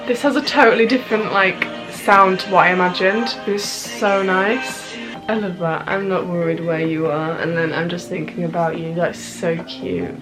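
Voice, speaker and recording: A woman's voice: on the low side, steady tone, moderate pace, over music, low-quality recording. A young woman reacting to an album at home late at night, gushing and giggly, saying "literally" constantly. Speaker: music reaction vlogger. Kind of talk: casual first-listen album reaction.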